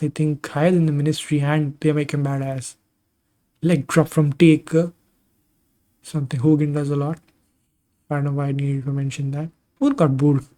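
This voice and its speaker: A man with a fairly high, mellow voice hosts a gaming channel, casually calling simulated wrestling matches in a video game. Between calls he drifts into tangents and personal asides.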